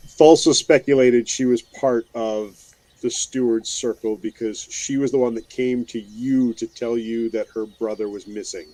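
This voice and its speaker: A man's voice: medium pitch, fairly even intonation, unhurried, dark tone. A man playing in a tabletop game, explaining his reasoning with some ums. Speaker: player. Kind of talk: tabletop roleplaying chat.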